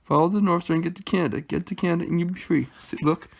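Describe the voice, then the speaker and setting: A man reading a children's storybook aloud in a plain, unhurried manner, halting now and then. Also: a little high, fairly even intonation, creaky. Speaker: reader.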